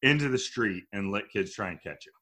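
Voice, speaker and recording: A man's voice: fairly low pitch, expressive, fairly quick, pushed and bright. A man co-hosting a casual sports podcast, speaking with dry sarcasm and many restarts. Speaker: podcast co-host.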